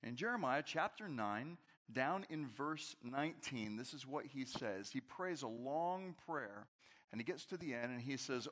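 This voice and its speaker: A pastor preaching a conversational, animated sermon to his congregation in a large church. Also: mid-range voice, measured pace. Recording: long hall reverb.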